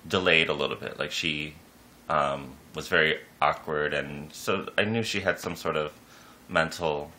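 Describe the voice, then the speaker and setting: A man with a deep voice that still comes across bright and forward tells a personal story in a loose, rambling way. He fills his talk with "like" and "you know". His pitch jumps up when he acts out what people said. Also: slight background noise.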